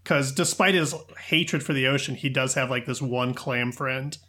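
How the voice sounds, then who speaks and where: A man co-hosting a podcast, recapping a movie plot in halting starts and dry jokes. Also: mid-range voice, sharp tone. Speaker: podcast co-host. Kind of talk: casual movie review chat.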